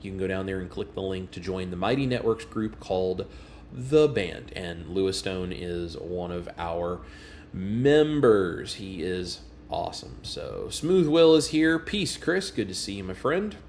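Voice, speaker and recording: A man's voice: sits low, animated, a little slow, a little mellow, slight background noise. Friendly man hosting a livestream. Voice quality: friendly, greets viewers by name. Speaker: livestream host. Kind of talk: casual livestream chat.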